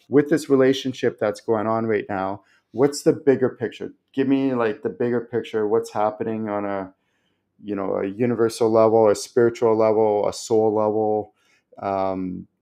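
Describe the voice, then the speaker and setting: A man hosting his own show, answering viewers' spiritual questions in a casual, animated way, full of fillers like um and like. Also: on the low side, clean tone. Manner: animated, chatty, many fillers. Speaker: spiritual teacher and show host. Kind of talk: casual Q&A talk.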